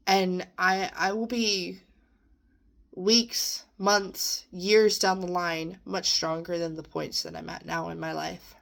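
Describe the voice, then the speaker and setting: A woman's voice: lowish voice, flat delivery, slow, gravelly, fairly bright tone. A young woman talking earnestly in a personal vlog, sometimes close to tears as she encourages herself and her listeners. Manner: earnest, emotional, self-encouraging. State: near tears at times. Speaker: vlogger. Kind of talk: personal reflective monologue.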